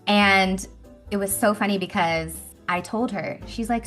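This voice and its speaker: Bright animated woman telling a story. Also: medium pitch, measured pace, soft background music. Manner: animated, chatty, acts out quotes. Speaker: speaker at a women's business meeting. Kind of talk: casual storytelling talk to a group.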